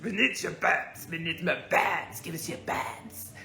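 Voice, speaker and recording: A woman's voice: on the low side, unhurried, creaky, pushed and bright, voice pushed up, exaggerated voice. A woman doing a mocking impression of a pleading male wartime leader, whiny, begging and boastful, recorded in an echoey room with faint music.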